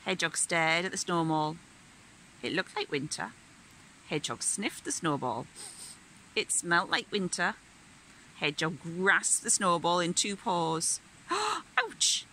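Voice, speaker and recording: Slow, bright-voiced woman reading to children. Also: on the low side, a little hiss or hum, low-quality recording. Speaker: children's storyteller. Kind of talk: reading a picture book aloud.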